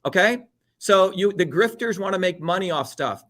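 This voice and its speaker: A man's voice: sits high, animated, normal speed, fairly bright tone. A middle-aged man from India, talking bluntly and animatedly as an interview guest, swearing freely and mimicking other people. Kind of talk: heated political talk.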